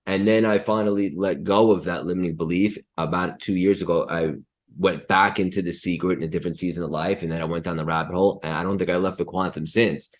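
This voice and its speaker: A man's voice: deep voice, fairly even intonation, quick pace. A man hosting a podcast who talks enthusiastically and casually, affirming his guest and often saying "like". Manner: enthusiastic, affirming, says "like" a lot. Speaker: podcast host.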